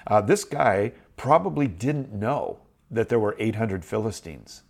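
A man's voice: lowish voice, lively intonation, a little slow, creaky. A middle-aged man hosting a show, giving an earnest, encouraging Bible teaching and repeating phrases for emphasis. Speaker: host.

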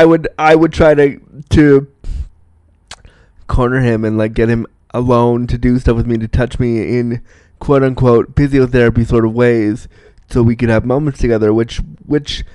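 Young man, casual storytelling, self-mocking, smooth voice, dry close sound. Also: mid-range voice, no room sound. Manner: animated, self-mocking, laughs often.

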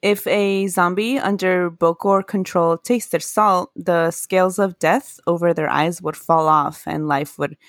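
This podcast co-host, a woman with a lowish voice, chats casually about folklore history, talking a bit slowly but with hardly any pauses. She stays earnest and laughs off her own mispronunciations, and the recording is close and dry without any room sound.

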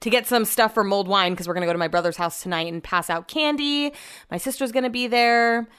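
Chatty young woman, smooth clear voice. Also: medium pitch, a little fast, a bit bright. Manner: chatty and rambling, with constant "like" fillers. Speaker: vlogger and radio host. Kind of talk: casual storytelling vlog.

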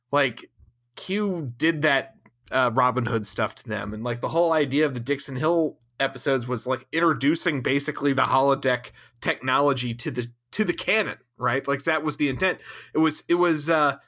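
A somewhat high, bright-voiced man talks with exasperated sarcasm in a casual critique chat. He is animated and swings up in pitch when mocking. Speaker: podcast co-host.

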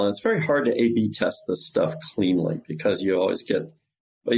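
Man, fairly low voice, very lively pitch; CEO guest on a podcast, acts out sales-call lines with big swings. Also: vocal fry, rough recording. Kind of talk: podcast interview explaining sales technique.

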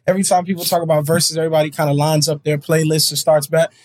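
A man's voice: fairly high pitch, little pitch movement, fast, darkish tone, no room sound. A man guesting on a podcast in casual chat, laid-back and rambling with many "you know"s. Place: studio.

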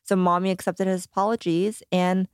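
A woman with a smooth, lower-pitched voice, recorded dry and close. She tells a personal story in a relaxed chat and acts out the quotes with lively changes of voice. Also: moderate pace, dry recording. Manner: animated storyteller acting out quotes. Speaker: podcast co-host. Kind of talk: casual chat.

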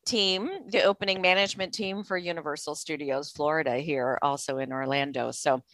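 Woman, middle-aged, chatty, cheerful, lowish voice, dry sound. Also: fairly even intonation, fairly quick, a bit bright, no echo. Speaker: guest, meeting planner and author. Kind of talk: casual interview talk.

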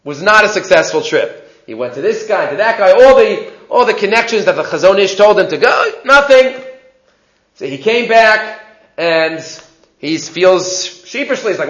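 A man's voice: sits high, animated, moderate pace, a bit bright, roomy sound, highs cut off. A man teaching a class in a conversational lecturing way, asking rhetorical questions.

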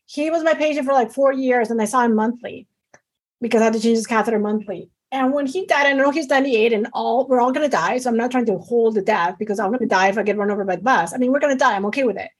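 A middle-aged woman physician talking in a casual interview, animated and emphatic, with many fillers. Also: fairly high pitch, fast talker, breathy edge. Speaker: physician guest.

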